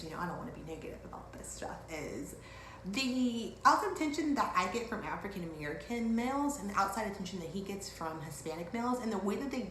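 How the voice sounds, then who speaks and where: A woman from Dallas telling a story in a casual vlog, animated and acting out what people said. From Dallas, Texas. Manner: animated, acts out quotes with big pitch jumps. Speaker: vlogger. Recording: echoey room with faint background hiss.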